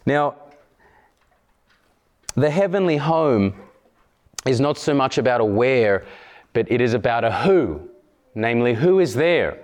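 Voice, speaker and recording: A man preaching a sermon in a church, earnest, slowing down on emphatic phrases. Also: mid-range voice, lively intonation, darkish tone. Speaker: pastor.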